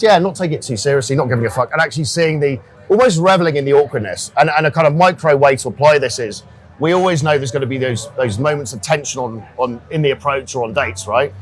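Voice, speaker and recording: A man hosting a casual dating chat, blunt and swearing, often checking in with "right?". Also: medium pitch. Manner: blunt, swears freely, asks "right?" a lot. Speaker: dating coach, host.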